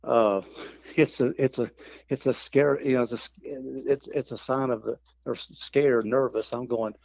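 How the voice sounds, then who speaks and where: A man's voice: mid-range voice, moderate pace, vocal fry. A middle-aged man, a turkey hunting instructor, telling a story in a casual podcast chat and acting out the quotes and turkey calls. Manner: lively yarn-spinner who acts out quotes and turkey calls. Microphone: podcast microphone. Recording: dull, dry lo-fi podcast audio.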